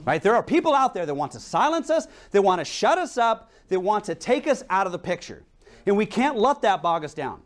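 A man's voice: high voice, very animated, fairly quick. Young guy preaching, chatty storytelling sermon, lots of rhetorical questions, voice bounces all over.

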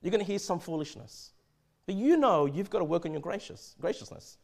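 Male preacher, higher-pitched, very lively delivery, stammering restarts, sermon. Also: fairly quick. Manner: animated, repeats and restarts words. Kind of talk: expository sermon.

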